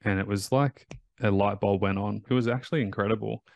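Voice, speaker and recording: A man's voice: fairly low pitch, steady tone, a little fast, gravelly, a little mellow, no echo. A man hosting a podcast as a recovery coach, talking in an emphatic, motivational way and repeating his key phrases.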